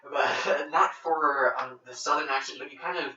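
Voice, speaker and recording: A man's voice: fairly high pitch, fairly even intonation, moderate pace, background noise. A man hosting a podcast in casual chat, rambling and laughing a lot. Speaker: podcast host. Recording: roomy, distant, dull recording.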